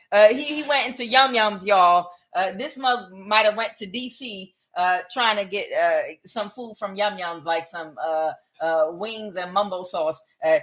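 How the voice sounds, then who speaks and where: A woman's voice: mid-range voice, normal speed, a bit bright. A middle-aged woman giving a casual tarot reading. She is chatty, laughs often and calls her viewers y'all. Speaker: tarot reader.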